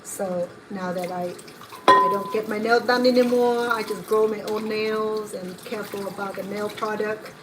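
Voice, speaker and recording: A woman's voice: mid-range voice, fairly even intonation, moderate pace. A middle-aged woman hosting a cooking vlog, telling rambling, digressive stories as she cooks at home. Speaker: home cook and channel host. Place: home kitchen. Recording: kitchen with running water noise.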